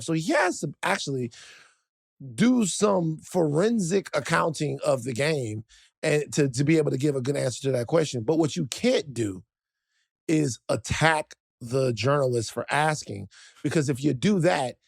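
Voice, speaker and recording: A man with a Southern accent co-hosting a casual sports podcast, ranting in an animated way. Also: medium pitch, creaky, no room sound, clean studio sound. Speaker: co-host.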